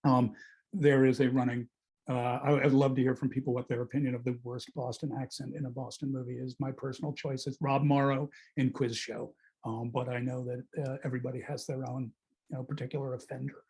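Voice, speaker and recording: A middle-aged male film critic leading a relaxed film club talk. His voice is husky and mid-pitched, and he wanders through his points with pauses and self-corrections. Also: rough recording. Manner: discursive, hesitant, self-correcting. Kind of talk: casual film discussion.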